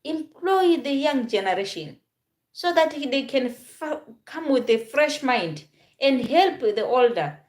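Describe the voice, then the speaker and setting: Halting woman vlogger in her forties. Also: high-pitched, sing-song, a little mellow. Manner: halting, repeats and restarts phrases. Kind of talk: casual talk to camera.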